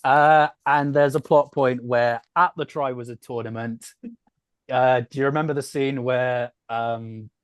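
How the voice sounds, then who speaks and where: Man calmly recapping, dry close sound. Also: medium pitch, measured pace, clean tone, no room sound. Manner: explanatory, patient. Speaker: podcast co-host. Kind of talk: casual chat, recapping a story.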